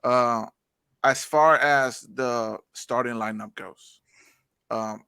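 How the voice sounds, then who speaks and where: Bright-voiced man co-hosting a podcast. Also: mid-range voice, fairly even intonation, slow, clean tone, no echo, studio quality. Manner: joking, rambling questions. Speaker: podcast co-host. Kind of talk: casual sports chat.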